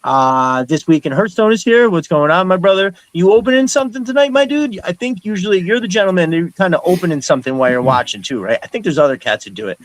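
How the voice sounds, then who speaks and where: Rambling, higher-voiced middle-aged man. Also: expressive, fast talker, few pauses, dry recording, low-quality recording. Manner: rambling and friendly, greets viewers as brother. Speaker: host of a live stream show. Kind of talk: casual live-stream chat, reading viewer comments.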